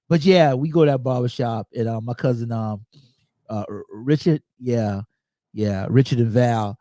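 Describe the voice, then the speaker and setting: A man's voice: medium pitch, normal speed, dry recording. A man hosting a casual movie review chat, talking in an easygoing way and telling personal anecdotes. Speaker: host.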